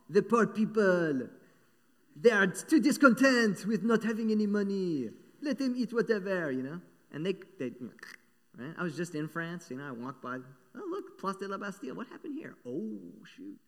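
A man preaching a sermon, playful and animated, acting out little voices as he talks. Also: fairly high pitch. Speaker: pastor. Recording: long echo of a large hall.

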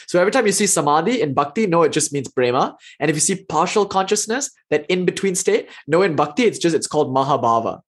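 A man with a husky, slightly high voice gives an online lecture. He reads passages slowly and with feeling, then drops into casual explanation. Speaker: teacher.

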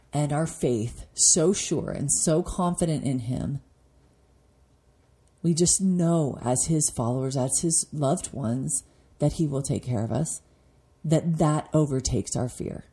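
A woman's voice: low voice, warm tone. A woman in her forties giving an earnest devotional talk with a personal story, getting emotional at times. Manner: earnest, emotional, voice rising when moved. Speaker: podcast host teaching devotionally.

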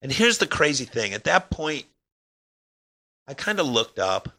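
A man telling a personal story of crisis in an emotional, halting way, his voice sinking quiet in the hardest parts. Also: big pitch swings. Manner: emotional, pausing, voice drops low and quiet in heavy parts.

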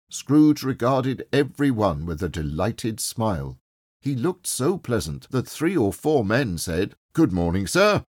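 Lively-voiced male storyteller. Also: lowish voice, husky, no echo, studio quality. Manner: expressive, dramatic storyteller. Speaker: audiobook narrator. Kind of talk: storytelling narration.

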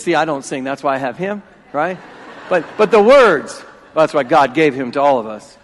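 A man in his forties preaching a sermon as pastor, emphatic and repeating key phrases, swinging between loud and hushed. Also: fairly high pitch, animated, fairly quick. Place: church sanctuary. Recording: long reverb of a church hall.

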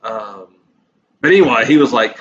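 A man's voice: medium pitch, lively intonation, moderate pace, fairly bright tone. A man telling a rambling, profane bar story in casual chat, acting out the dialogue himself. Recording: slightly muffled with faint room noise.

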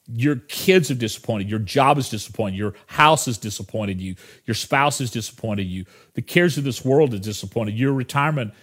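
A man's voice: mid-range voice, husky. A middle-aged man, a pastor, preaching a conversational Christmas sermon that is full of asides and restarts.

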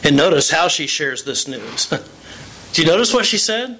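A man preaching a sermon, telling a scripture story with animated, expressive delivery and acted-out quotes. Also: fairly high pitch, moderate pace, a little hiss or hum, poor audio. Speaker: pastor.

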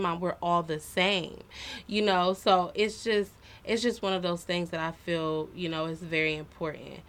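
A woman in her thirties talking in a relaxed, heartfelt way on a podcast. She speaks earnestly and often fills her pauses with "you know.". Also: fairly low pitch. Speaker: podcast co-host. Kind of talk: casual personal chat.

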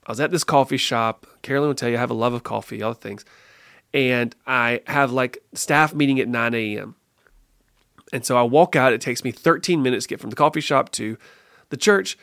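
A man being interviewed on a podcast, telling a personal story in an earnest, lively way and often restarting his phrases. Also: medium pitch, a little fast, gravelly, no room sound, studio quality. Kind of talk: casual conversational storytelling.

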